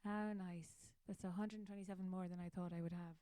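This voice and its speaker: A woman's voice: lowish voice, steady tone, fairly quick, warm tone, no echo. An Irish woman, a musician hosting her own show, chatting casually in a rambling, self-mocking way. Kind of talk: casual chat.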